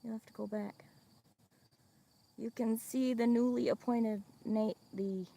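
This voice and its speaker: A chatty woman with a Midwestern accent hosts a casual livestream while walking her farm, laughing easily and talking to her animals. Her voice has a gravelly, fry-laced edge. Insects and crickets chirp outside around her. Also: a little high, steady tone, measured pace, mellow. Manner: chatty, laughs often, talks to chat and animals. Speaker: livestream host. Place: outdoors on a farm.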